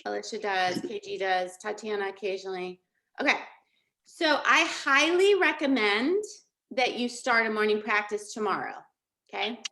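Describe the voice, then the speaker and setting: A middle-aged woman leading a live coaching session over a video call, energetic and checking in with her listeners again and again. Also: mid-range voice, normal speed, creaky. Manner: energetic, checks in often with "okay?" and "right?". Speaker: life coach.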